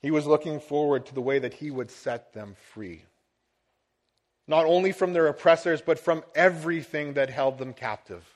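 A middle-aged man delivering a sermon with a notably high voice. He preaches earnestly, leaning into emphatic swells as he drives a point home. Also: moderate pace. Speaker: pastor.

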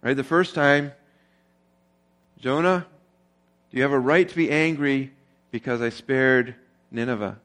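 A man's voice: medium pitch, unhurried, pauses often, fairly bright tone. Man preaching a conversational sermon. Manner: conversational preaching with rhetorical questions; grows more emphatic when stressing a point. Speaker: pastor.

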